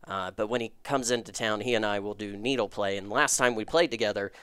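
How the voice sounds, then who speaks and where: A man's voice: on the low side, a little fast, fairly bright tone, smooth, no echo, studio quality. A man, a comedian guest on a podcast, telling candid stories in a casual chat and often laughing.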